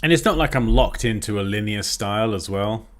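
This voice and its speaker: A man's voice: fairly low pitch, animated, brisk. A British man chatting casually as he designs live, thinking aloud while he works. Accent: standard British English. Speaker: designer teaching on a livestream. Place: home workspace with a cat nearby.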